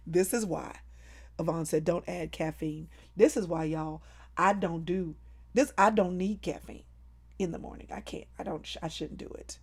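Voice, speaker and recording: Animated woman chatting live with viewers. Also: on the low side, normal speed, slightly rough. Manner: animated, laughing, playful over-the-top storytelling. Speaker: live-stream host. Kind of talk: casual chat with viewers.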